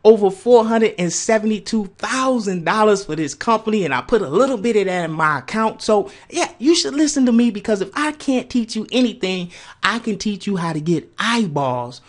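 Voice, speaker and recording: A man with a high-pitched voice giving an excited sales pitch for his online marketing course, addressing listeners as ladies and gentlemen. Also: moderate pace. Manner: excited, emphatic, keeps saying "ladies and gentlemen".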